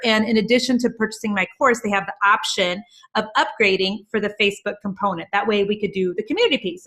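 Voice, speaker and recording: In a video-call interview, a guest entrepreneur with a mid-range, bright and forceful voice chats casually but emphatically, rattling off examples at a rapid clip.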